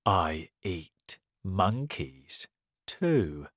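A woman voicing a greedy, sly male crocodile in a children's story, slow and drawn out. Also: a bass voice, very animated, slightly rough, no room sound, clean studio sound, exaggerated voice.

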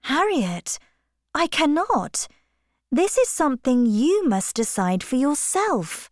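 A woman voicing a composed young gentlewoman who speaks in a measured, careful way. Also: sits high, very animated, dry recording, clean studio sound, voice pushed up, exaggerated voice. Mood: earnest.

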